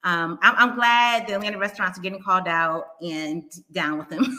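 Bright, giggly woman caller. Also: medium pitch, expressive, moderate pace.

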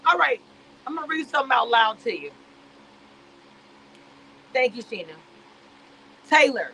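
A woman giving sassy, animated reality-show commentary on a live stream. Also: a little high, unhurried, vocal fry, long pauses, slight background noise, low-quality recording.

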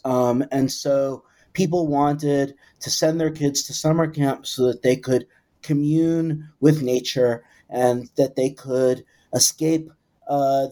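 Measured man giving historical background. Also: medium pitch, warm tone. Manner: measured, hesitant with fillers. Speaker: expert guest. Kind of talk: explanatory interview answers.

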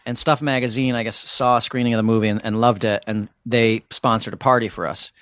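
A man co-hosting a podcast, telling a story in a lively, profane, casual way. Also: mid-range voice, brisk, no echo. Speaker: podcast co-host.

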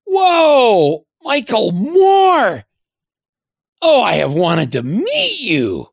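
Man impersonating a starstruck politician, shouting and swearing, very high, husky. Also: huge pitch swings, very slow, no echo, studio quality, heavily acted. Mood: gushing. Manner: loud, gushing, shouting. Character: excitable swearing male politician, loud, starstruck.

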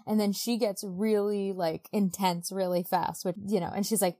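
A woman co-hosting a casual book podcast, retelling a novel scene by scene. She keeps slipping into quick, playful quotes for the characters, with plenty of "like" and "you know" along the way. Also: medium pitch, steady tone, dark tone. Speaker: podcast co-host. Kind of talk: casual book-club chat.

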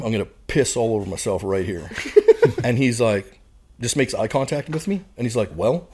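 Man, 40s, from Canada, husky voice, profane laughing storyteller, casual podcast guest. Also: medium pitch, brisk, a little mellow. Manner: profane, laughing anecdotes with lots of "like" and "right?". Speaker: podcast guest, retired Marine.

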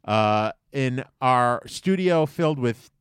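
A man's voice: medium pitch, animated, takes it slowly, clear, resonant tone, no room sound. A man in a basement podcast studio, talking casually into a big microphone. He rambles and mocks himself, with plenty of fillers. The sound is dry and close. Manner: rambling, self-mocking, with fillers. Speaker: podcast co-host. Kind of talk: casual storytelling chat. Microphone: large studio microphone.

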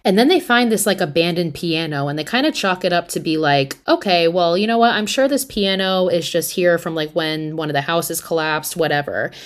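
Low-voiced woman recapping a horror film. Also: fairly quick, hardly any pauses. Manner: animated, profane, slangy storytelling. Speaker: podcast host. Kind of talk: casual movie recap.

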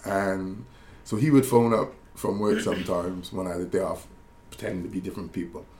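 A lower-voiced man talks in a relaxed, casual way, drifting into animated stories about his playing days with frequent restarts. A faint background hiss sits under the voice. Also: a little fast, roomy sound. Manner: animated storyteller, many restarts. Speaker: pundit, former footballer. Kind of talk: casual chat, storytelling.

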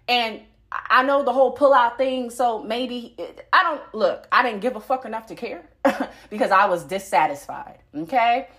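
A woman in her thirties hosting a podcast, telling a story in a blunt, profane, animated way. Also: medium pitch. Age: 30s. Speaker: podcast host. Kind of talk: casual storytelling.

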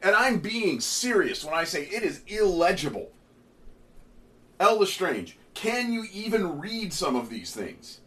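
Animated, exasperated man ranting. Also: high voice, unhurried. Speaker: comic book podcast host. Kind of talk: casual comic review chat.

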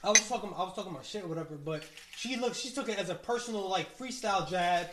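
A man's voice: high voice, fast talker, noisy background. A man, a guest rapper, telling a story in casual chat, laughing and repeating himself as he talks.

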